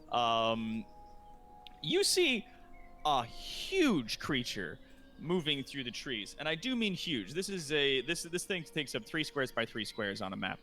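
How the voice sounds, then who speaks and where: A man's voice: mid-range voice, sharp tone. A man running a tabletop game as game master, narrating in rambling sentences full of fillers.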